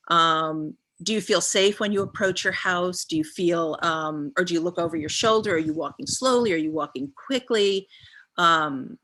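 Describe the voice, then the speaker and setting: Bright-toned woman guiding a visualization. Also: lowish voice. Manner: asks a long string of reflective questions with frequent ums. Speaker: guest speaker. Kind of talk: guided visualization talk on a live stream.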